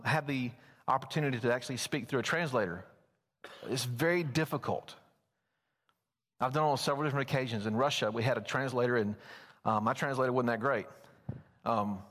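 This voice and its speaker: A man preaching a sermon as pastor, folksy and telling stories. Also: medium pitch. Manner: folksy, storytelling, animated at times. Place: church sanctuary. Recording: long church reverb.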